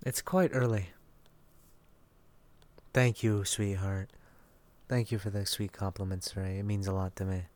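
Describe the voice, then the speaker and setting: A man's voice: on the low side, level tone, a little slow, long pauses, a little mellow. A young man from Texas hosting a casual voice chat, reading out and answering listener messages. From Dallas, Texas. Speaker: voice chat host.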